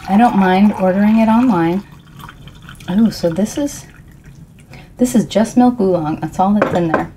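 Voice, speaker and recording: A woman in a soft-spoken ASMR tea ramble at home, talking in an unhurried, rambling way with a froggy morning voice. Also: mid-range voice, background noise. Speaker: ASMR creator.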